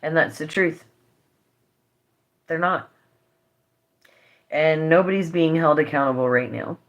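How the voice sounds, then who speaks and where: A woman's voice: deep voice, unhurried, muffled recording. A woman vlogger talking straight to her viewers, earnest and impassioned, emotional and holding back tears. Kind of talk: direct-to-camera vlog update.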